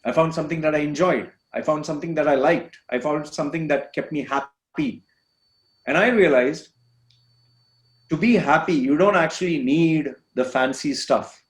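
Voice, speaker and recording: Male guest from India, earnest and emphatic storyteller, slightly high voice, roomy echo. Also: moderate pace. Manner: earnest, repetitive, emphatic phrasing. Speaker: podcast guest. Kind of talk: candid personal storytelling. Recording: echoey room.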